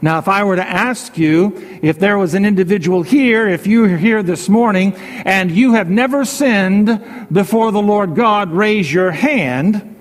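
A pastor delivers a sermon in a notably high voice, taking each phrase slowly and deliberately. He repeats key lines for emphasis. His voice carries a long reverb, as if he is speaking in a large hall. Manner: measured preaching with repetition and slow emphatic phrases.

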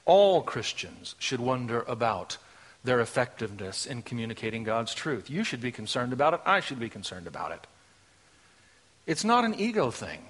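A man preaching a sermon, shifting between hushed, intimate lines and loud, emphatic declarations. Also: mid-range voice, slightly rough.

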